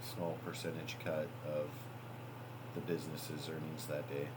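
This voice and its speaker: Deep-voiced male game master. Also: little pitch movement, measured pace, a little mellow, husky, poor audio. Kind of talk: narrating a tabletop game.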